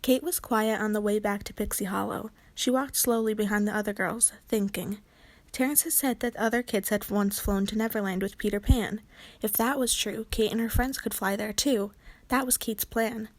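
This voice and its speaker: Reading a children's book, a female narrator tells the story clearly and expressively in a fairly high voice. The recording is close and dry, without any room sound.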